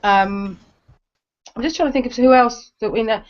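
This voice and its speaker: Casting: middle-aged English woman, slight American lilt, rambling conversational host, muffled low-fi stream sound. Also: normal speed, faint music behind. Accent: English, with a slight American tinge. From England. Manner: chatty, restarts often, trails off. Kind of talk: casual chat. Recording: dull lo-fi stream audio.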